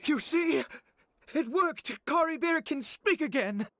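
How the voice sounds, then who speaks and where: A woman voicing a formal, halting older father, reading his game dialogue aloud. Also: high-pitched, animated, fairly bright tone, no echo, studio quality, exaggerated voice. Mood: overjoyed. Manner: formal, halting old-fashioned speech. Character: grieving noble father, older man.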